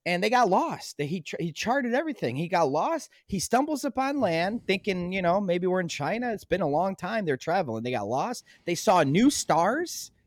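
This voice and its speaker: A man talking as a podcast guest, telling stories in an animated, emphatic and insistent way. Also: sits high, moderate pace, few pauses, dry recording. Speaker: podcast guest, documentary filmmaker. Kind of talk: casual podcast conversation.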